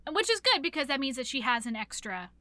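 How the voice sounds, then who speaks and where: A woman co-hosting a podcast recaps a book in casual, animated chat, swearing a lot and acting out characters' lines. Her voice is high-pitched and fast, with no room sound.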